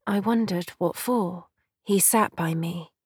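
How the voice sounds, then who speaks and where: Slow, husky woman reading a poem. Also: lowish voice, dry recording, studio quality. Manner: soft, solemn storytelling. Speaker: reader of poems and stories.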